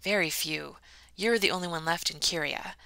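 A woman voicing a brisk, brusque older woman who speaks in a matter-of-fact way. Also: fairly low pitch, vocal fry, sharp tone, no echo.

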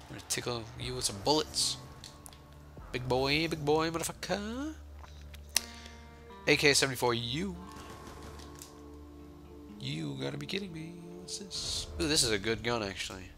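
A young man giving casual, joking commentary while playing a zombie video game, sarcastic and swinging between mumbled asides and sudden yells. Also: on the high side, animated, moderate pace, creaky, pauses often, soft background music. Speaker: gaming channel host.

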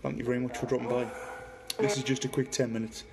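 A Geordie man from Newcastle in northeast England hosts a paranormal livestream, speaking quickly in a gravelly, mid-range voice with a level tone. He chats casually, reads viewer comments aloud, and talks to a spirit box.

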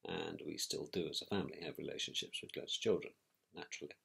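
A middle-aged man, recalling a painful family event in a measured, reflective way with pauses and restarts. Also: extremely low pitch, steady tone, vocal fry, pushed and bright, husky. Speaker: interviewee, victim's brother. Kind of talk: personal recollection.

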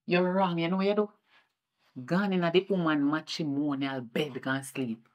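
A woman with a Jamaican accent playing a fierce mother who scolds her daughter, swinging between shouting and muttering. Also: low voice, steady tone, moderate pace, natural voice. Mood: scolding. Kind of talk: indie film acting.

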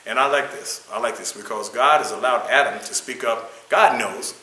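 A man's voice: mid-range voice, normal speed, hardly any pauses, bright, forceful tone, echoey room, low-quality recording. A man teaching a church Bible study, reading passages aloud and then explaining in his own words with restarts. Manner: reads from notes, then speaks off the cuff with restarts. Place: church room.

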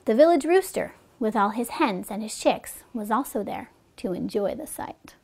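A woman reading fables aloud to children as a storyteller, with gentle, chatty asides to her listeners. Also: on the high side, lively intonation, moderate pace, gravelly, slightly rough.

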